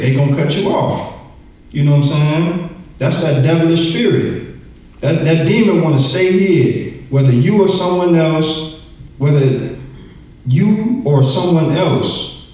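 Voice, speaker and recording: A man leads a Bible lesson in a loose, conversational manner and restarts phrases as he thinks. His voice sits a little high. He is heard from a distance in a very reverberant room. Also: a little mellow. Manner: conversational, repeats words, acts out voices. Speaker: Bible study teacher. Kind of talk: church lesson, sermon-like. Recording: echoey room, distant mic.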